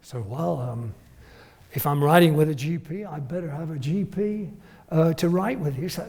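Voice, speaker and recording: Older English raconteur, gravelly, high for a man; comic after-dinner stories, heavy hall reverb. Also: moderate pace. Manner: animated, comic storyteller who acts out quoted voices. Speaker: retired family doctor telling anecdotes.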